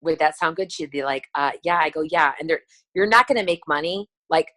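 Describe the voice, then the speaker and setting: A woman leading a motivational sales conference call, chatty and animated, acting out conversations as she tells stories. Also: low voice, fairly quick, poor audio. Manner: chatty and animated, acts out dialogue. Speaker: team leader on a sales call.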